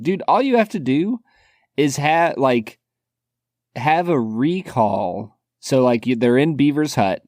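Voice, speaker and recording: Speaking at medium pitch, this man co-hosts a podcast in a loose, rambling chat packed with fillers and restarts. He's expressive and unhurried, his tone a little mellow, captured in clean studio audio without any room sound.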